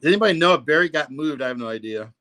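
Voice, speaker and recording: A man's voice: fairly high pitch, lively intonation, very fast, bright, forceful tone. A man hosting a casual livestream, rambling and profane, full of "you know, man.". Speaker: livestream host.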